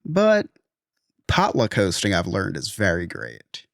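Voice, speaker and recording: A man's voice: deep voice, huge pitch swings, slow pace, gravelly, no room sound. Philly guy in his 30s, podcast cohost, rambling stories, dry mic. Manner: rambling storyteller, laughs often. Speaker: podcast co-host. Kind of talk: casual chat.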